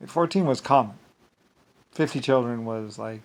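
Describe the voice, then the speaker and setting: A man's voice: mid-range voice, very animated, measured pace, long pauses, darkish tone. A man talking in a rambling vlog monologue, drifting between thoughts and laughing often. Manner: meandering, laughs often, keeps saying "anyway". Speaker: vlogger.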